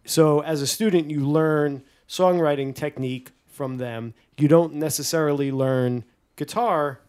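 A man's voice: on the high side, a little slow, a little mellow, clear, resonant tone. A man on a podcast earnestly explaining his view on music, in long rambling sentences. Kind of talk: casual chat.

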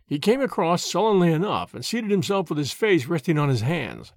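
A man narrating a story aloud as an audiobook reader, in an even, measured way. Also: on the high side, no room sound, studio quality.

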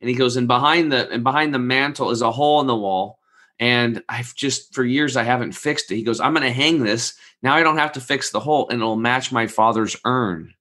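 Forties guy telling a story, bright punchy voice, does little voices for people he quotes, swears casually. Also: mid-range voice, brisk. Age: 40s. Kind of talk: casual podcast chat.

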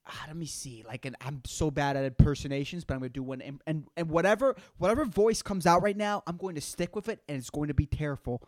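A man's voice: on the high side, a little mellow, no room sound. Brief: twenties guy hosting a solo podcast, rambly and foul-mouthed, dry close sound. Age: 20s. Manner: rambling, profane, slangy. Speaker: podcast host. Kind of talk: casual solo podcast rant.

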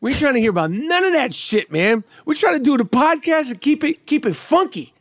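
Lively high-voiced man telling a story. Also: a little fast, no echo, clean studio sound. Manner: animated storyteller, profane, teasing. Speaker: podcast host. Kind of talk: casual podcast banter.

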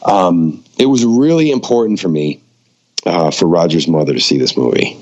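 Speaking at normal speed, a documentary filmmaker appearing on a podcast relaxes into casual storytelling, his very low voice animated as he imitates the people in his tale. Everything sounds dull and lo-fi, with the top end rolled off.

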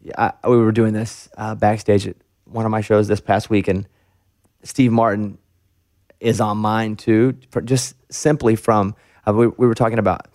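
Relaxed male podcast host. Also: fairly low pitch, no room sound, studio quality. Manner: relaxed, joking, interviewer's questions. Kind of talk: casual interview chat.

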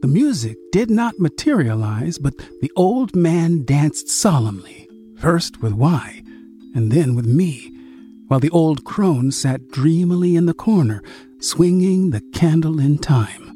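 A man reading a story aloud, slow and measured. His voice moves lively up and down through the sentences, with faint music under it. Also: a little high. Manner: measured, expressive. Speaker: narrator.

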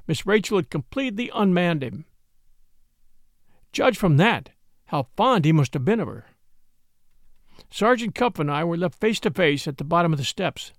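A man narrating a classic novel as an audiobook, telling it in an expressive storytelling manner. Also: high voice, no echo, studio quality.

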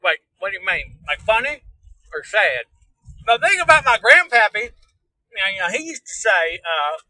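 A man's voice: sits high, very animated, moderate pace, bright, forceful tone, dry recording, low-quality recording. A man with a rural Kansas drawl doing a crude, rambling comedic hillbilly tour-guide act while driving on a live stream. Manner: rambling, crude, mock-folksy joking. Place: inside a car while driving.

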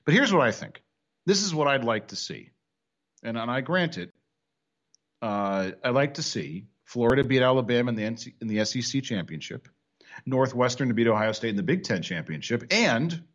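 Animated wisecracking male sports host. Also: medium pitch, moderate pace, muffled recording. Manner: animated, wisecracking, rambling with restarts. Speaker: sports talk show host. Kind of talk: casual sports talk.

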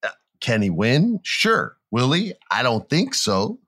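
A man co-hosting a casual talk show, telling stories with lively acted-out quotes. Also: medium pitch, slow, no echo, clean studio sound. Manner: animated storyteller, acts out quotes in jumpy voices. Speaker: podcast co-host. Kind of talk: casual chat.

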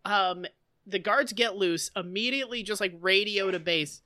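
A woman co-hosting a casual podcast, recapping a story with sarcastic, profane, animated chat. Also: mid-range voice, normal speed. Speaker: podcast co-host.

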